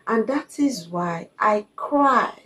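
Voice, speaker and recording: A woman's voice: mid-range voice, lively intonation, slow pace, fairly bright tone, rough recording. A woman, giving a reflective personal monologue as a vlogger, earnest and confiding, repeating her points for emphasis.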